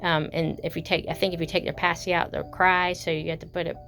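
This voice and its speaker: A woman's voice: on the low side, level tone, fast talker, fairly bright tone, soft background music. Chatty woman showing dolls. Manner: chatty, gushing, rambling with fillers and self-corrections. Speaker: doll collector vlogger. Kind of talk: casual show-and-tell vlog.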